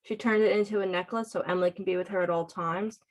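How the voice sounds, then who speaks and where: A woman's voice: mid-range voice, steady tone, quick pace. A woman reading a graphic novel passage aloud and explaining it. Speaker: reader presenting a book.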